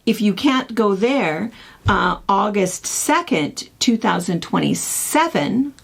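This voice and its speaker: A middle-aged woman co-hosting a casual chat, telling stories in a rambling, animated way. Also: mid-range voice, slow pace, gravelly, slightly rough. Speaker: co-host.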